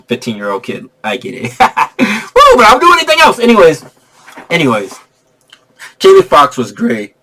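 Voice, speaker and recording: A man giving a casual spoiler review of a movie. He is excitable and slangy, laughs often, and rambles with many restarts. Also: medium pitch.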